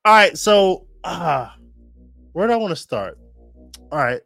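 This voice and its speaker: A man's voice: high-pitched, big pitch swings, a little slow, vocal fry, a bit bright, faint music behind. A man hosting a casual livestream show, rambling and chuckling at himself, groggy from a nap. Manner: rambling, self-deprecating, chuckling. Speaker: show host. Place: home studio in Germany.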